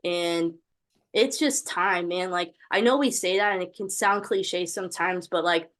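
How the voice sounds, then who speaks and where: A young woman with a lowish voice leads a fervent, faith-filled pep talk over a video call. Her tone is encouraging. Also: a little slow, fairly bright tone. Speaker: host of an online training call.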